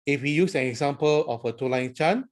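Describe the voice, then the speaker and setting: A man who is a priest, explaining how to chant psalms in a slow, careful teaching style. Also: fairly high pitch. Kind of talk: instructional talk with sung chant examples.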